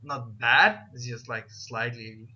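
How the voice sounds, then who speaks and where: A man's voice: medium pitch, fairly even intonation, slow pace, bright, forceful tone, lo-fi sound. A man narrating a tabletop game as game master, rambling with many fillers and restarts.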